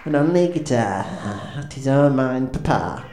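A man's voice: mid-range voice, expressive, unhurried, darkish tone, a faint crowd, a little hiss or hum. A man doing awkward, self-deprecating stand-up patter as a band's frontman, hesitating with lots of ums and restarts. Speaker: comedic frontman of a band. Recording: echoey room with faint ambience.

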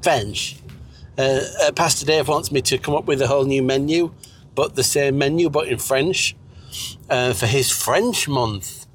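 A man's voice: mid-range voice, a little hiss or hum, close to an everyday voice. A man voicing a sleepy, mumbling man who fakes a clumsy French accent, full of hesitations. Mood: droning. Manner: slow and mumbling, with many hesitations.

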